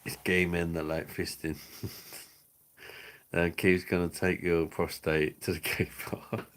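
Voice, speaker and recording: A man's voice: deep voice, flat delivery, unhurried. A man hosting a live stream, reading out chat comments in crude, sweary banter and laughing often. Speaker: livestream host.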